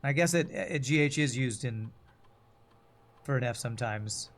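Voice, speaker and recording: An American man streams himself playing a video game, offering casual commentary. His voice is medium-pitched at a normal speed, and he thinks aloud, rambling and musing as he plays.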